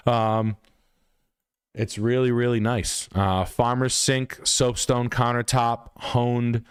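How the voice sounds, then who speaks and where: A man's voice: mid-range voice, level tone, slow pace, smooth, no room sound, studio quality. A man hosting a live stream, telling a story casually with lots of swearing and acting out both sides of an argument. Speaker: realtor and stream host.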